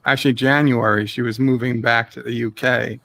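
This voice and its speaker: A man's voice: mid-range voice, level tone, brisk, gravelly, sharp tone, a little hiss or hum. A man hosting a casual livestream, reading viewer comments aloud and chatting. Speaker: stream host reading chat.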